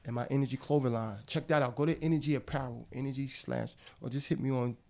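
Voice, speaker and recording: A man in middle age, guesting on a podcast as an actor, keeps things casual with loose, slang-filled talk and keeps calling people bro. He speaks fast in a medium-pitched, fairly even voice that's gravelly yet mellow, captured on a studio podcast mic.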